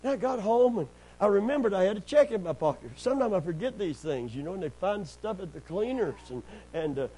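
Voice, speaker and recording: A middle-aged pastor, preaching in a folksy storytelling way, sprinkling in amens and praise God, and rising loud and high when he gets worked up. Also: animated, a little fast, breathy edge, low-quality recording. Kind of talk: sermon.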